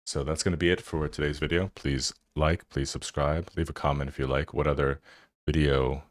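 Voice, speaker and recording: Man, tech channel host, casual screen commentary, very deep voice, dry close sound. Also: level tone, normal speed, no echo. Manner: loose, thinking aloud with fillers.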